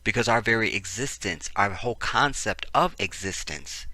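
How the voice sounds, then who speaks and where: A man's voice: lowish voice, animated, normal speed, sharp tone, dry recording. A man giving a heated, profane video commentary, hammering his points with repetition and frequent "see what I'm saying" asides. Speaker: political commentator.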